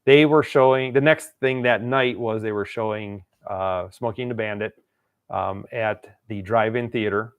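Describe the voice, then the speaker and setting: A man's voice: fairly low pitch, fairly even intonation, normal speed, smooth, dry recording, narrow, tinny audio. A man hosting his channel, telling a long casual story with lots of laughs and acted-out quotes. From Wisconsin. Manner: rambling, laughs often, acts out quotes. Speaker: channel host.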